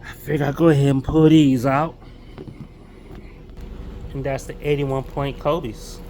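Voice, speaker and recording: A man's voice: mid-range voice, a little slow, a little hiss or hum. Easygoing man showing his sneakers. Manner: relaxed, repeats words and restarts, casual slang. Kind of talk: casual unboxing vlog.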